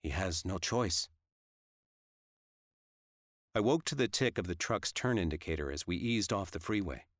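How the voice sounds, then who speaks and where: A man narrating a first-person story in a steady, even way. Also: sits low, a little fast, hardly any pauses, dry recording, studio quality. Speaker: audiobook narrator.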